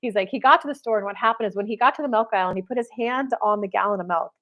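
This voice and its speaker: A woman's voice: mid-range voice, racing, few pauses, a bit bright. A woman dating and spiritual coach, talking casually to camera in a chatty way, telling stories with many fillers. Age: adult mother of boys.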